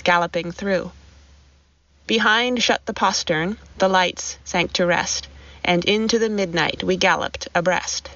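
Woman reading poetry slow and steady, dry dull lo-fi sound. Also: medium pitch, no echo. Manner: measured, rhythmic reading. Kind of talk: poetry recitation. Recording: dull, lo-fi recording.

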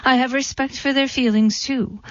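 Middle goat, proud and earnest, a touch high, read by a woman; dull, dry recording. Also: fairly even intonation, normal speed, dry recording, close to an everyday voice. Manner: earnest and blurting.

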